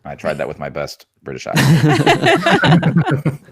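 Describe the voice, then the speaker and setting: A man's voice: mid-range voice, wildly swooping pitch, slow, husky. A man co-hosting a podcast, reading out listener messages and laughing between them. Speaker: podcast co-host.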